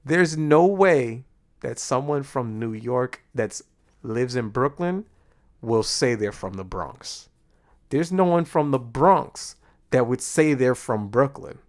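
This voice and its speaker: A man's voice: mid-range voice, slow pace. A man from Boston, co-hosting a podcast, telling a story in casual chat and acting out the dialogue with plenty of swearing. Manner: animated storyteller, acts out dialogue, swears freely. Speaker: podcast co-host.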